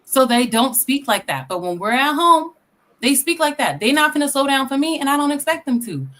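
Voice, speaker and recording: A woman's voice: high-pitched, very animated, a little fast, a bit bright. A woman from Iowa on a casual live-stream panel, explaining her view at length with examples from her own family.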